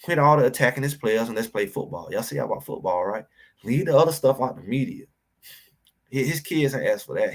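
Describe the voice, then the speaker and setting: A man hosting a livestream and ranting about college football, addressing his chat directly in an animated, preachy way. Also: mid-range voice, husky. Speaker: sports talk host. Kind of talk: livestream sports commentary.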